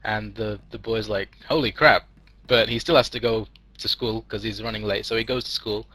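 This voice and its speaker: A man's voice: lowish voice, flat delivery, a little fast, a bit bright, no room sound, poor audio. A man telling a long joke to friends, rambling with fillers and restarts.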